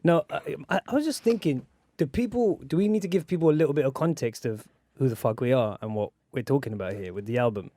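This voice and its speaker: A man speaks into a studio microphone in a dry, close sound. He is an articulate guest who lays out his ideas clearly and fills them with casual asides. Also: mid-range voice, fast talker, warm tone, no room sound. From London. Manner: articulate, explains with loose asides. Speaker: actor and rapper guest. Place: radio studio.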